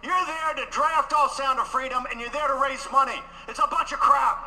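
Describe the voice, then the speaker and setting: A man giving a combative political rally speech at a conference, repeating phrases for emphasis and rising to shouts. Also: extremely high pitch, steady tone, normal speed, slight background noise, poor audio. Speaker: conference speaker.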